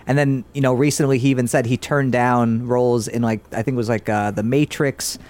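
A man's voice: mid-range voice, steady tone, a little fast, darkish tone. A man hosting a casual movie-review chat, rambling with lots of fillers and laughter.

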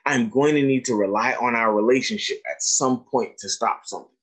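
Man, mid-pitched voice, lecturing teachers and acting out the stories he tells. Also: fairly quick, slightly rough, poor audio. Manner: animated storyteller acting out dialogue. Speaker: educator giving a talk on trauma.

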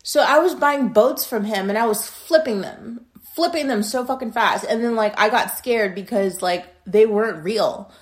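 A woman's voice: on the high side, normal speed, few pauses. Blunt, profane young woman telling stories. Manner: rambling, profane and blunt, with frequent tangents; loudness swings between emphatic bursts and muttered asides. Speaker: podcast host. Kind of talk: casual storytelling monologue.

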